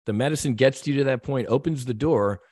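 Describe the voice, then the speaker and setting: A man's voice: mid-range voice, a little fast, darkish tone, breathy edge, no echo, clean studio sound. A man guest on a podcast, telling a personal story in an earnest, heartfelt way, with many restarts and repeated words.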